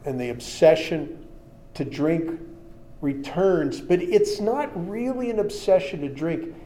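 Guy telling his recovery story, a bit high voice, plain talk, funny then quiet. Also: slow pace. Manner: plain-spoken and humorous, shifting between lively and quiet.

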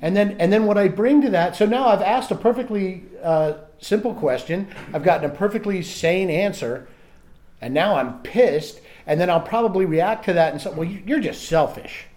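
Middle-aged guy sharing at a meeting, pokes fun at himself, stumbles and restarts a lot, voice a bit high. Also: a little mellow. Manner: self-mocking, halting with repeated restarts. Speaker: recovery group member sharing. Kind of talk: candid personal sharing.

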